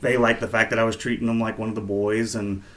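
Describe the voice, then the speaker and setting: A man co-hosting a podcast, telling stories in a relaxed, rambling way with lots of fillers. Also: on the low side, quick pace. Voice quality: laid-back, rambling with many fillers. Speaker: podcast co-host. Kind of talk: casual storytelling chat.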